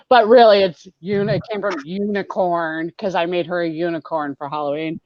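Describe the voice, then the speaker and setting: A woman's voice: lowish voice, steady tone, moderate pace, slight background noise. A woman telling a bubbly, giggly story on a video call. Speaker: video hangout participant. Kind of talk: casual video call chat. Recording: dull, dry video call audio.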